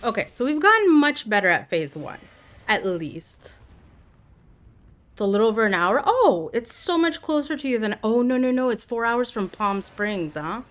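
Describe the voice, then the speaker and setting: A woman's voice: fairly high pitch, very animated, moderate pace. A woman streamer giving live gameplay commentary, muttering reactions and swearing casually.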